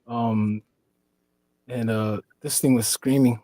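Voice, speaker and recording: A man's voice: mid-range voice, steady tone, slow pace, mellow, no echo, rough recording. A man from the Four Corners region of the US, a podcast guest telling a long story in a rambling way and leaning on "you know". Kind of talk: casual storytelling.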